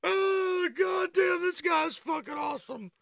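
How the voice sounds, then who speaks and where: A man's voice: very high-pitched, a little slow, gravelly, fairly bright tone, no room sound, studio quality. A man streaming, reacting to a video with helpless laughter and swearing. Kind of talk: reaction commentary.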